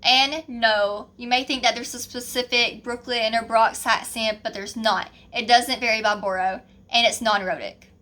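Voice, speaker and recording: A woman's voice: a little high, fairly even intonation, normal speed, few pauses, bright, forceful tone. A young woman with a Southern American accent, narrating a class project in a chatty, informal way. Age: young adult. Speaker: student presenter.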